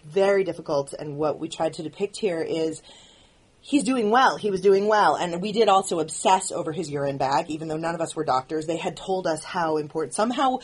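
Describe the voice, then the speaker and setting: A woman who writes and produces the show, speaking candidly in an audio commentary with earnest, halting phrasing and frequent restarts. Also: low voice, animated, husky.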